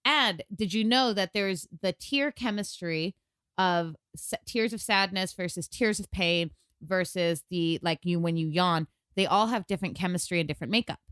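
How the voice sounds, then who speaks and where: A woman's voice: on the low side, normal speed, fairly bright tone, smooth, no echo, studio quality. A woman co-hosting a podcast, explaining facts in a nerdy way and teasing her co-host. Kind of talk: casual chat.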